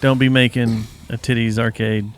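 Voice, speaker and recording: A man bantering on a podcast with quick jokes. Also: medium pitch, flat delivery, smooth. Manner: quick joking quips.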